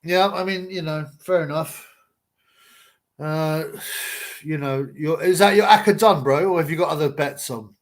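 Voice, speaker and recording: A man's voice: on the high side, measured pace. A man hosting a casual live boxing chat, rambling and blunt with slang. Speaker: livestream host.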